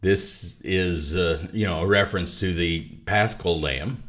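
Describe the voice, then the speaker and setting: Deep-voiced man explaining thoughtfully. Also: measured pace, a bit bright. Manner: thoughtful, restarts and explains with asides. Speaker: author and guest. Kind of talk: conversational theology discussion.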